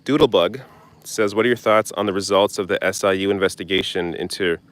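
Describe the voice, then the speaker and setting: A young man with a deep, low-pitched voice reads viewer comments aloud and answers them on a live stream. He talks bluntly and casually, tossing in the odd swear. He's recording outdoors. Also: brisk. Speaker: political commentary host. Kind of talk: live stream Q&A reading chat.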